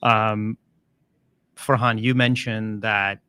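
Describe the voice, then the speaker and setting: Male podcast host, bright forceful tone, dry close sound, casual interviewer with joking asides. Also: on the low side, flat delivery, slow pace, clean tone, no echo.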